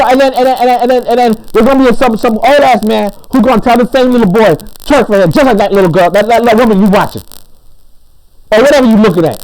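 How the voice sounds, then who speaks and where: A man giving an impassioned commentary monologue. He preaches emphatically, repeats and restarts his words, and drops lower and calmer when he reads aloud. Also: poor audio. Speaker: commentary channel host.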